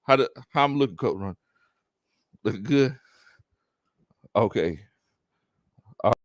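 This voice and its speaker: A man's voice: medium pitch, animated, a little slow, no echo, studio quality. A man hosting a live sports chat, reading viewer comments, teasing his audience and laughing often. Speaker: sports talk host.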